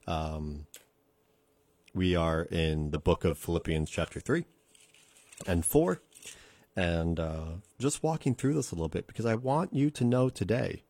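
A man's voice: lowish voice, darkish tone, no echo. A man hosting a radio podcast, preaching in an earnest, conversational way and repeating phrases for emphasis. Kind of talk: casual radio sermon. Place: radio studio.

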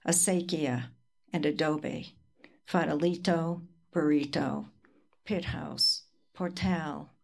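A woman reading her poetry aloud at a live reading, in a slow and deliberate recitation with pauses. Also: low voice, fairly even intonation, gravelly, a little mellow. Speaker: poet.

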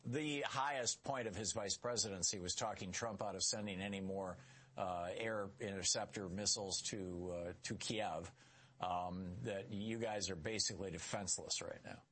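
Radio host, male, low and husky, friendly, halting delivery with fillers. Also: a bit bright. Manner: friendly, hesitant with many fillers. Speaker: radio talk show host. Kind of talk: phone-in interview.

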